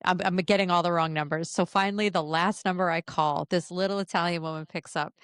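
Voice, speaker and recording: A woman in her thirties co-hosting a podcast, telling a long story quickly and with animation, acting out the quoted voices. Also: on the low side, clean tone, dry recording, clean studio sound. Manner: fast, animated storyteller who acts out quotes. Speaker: podcast co-host. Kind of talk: casual chat, animated storytelling.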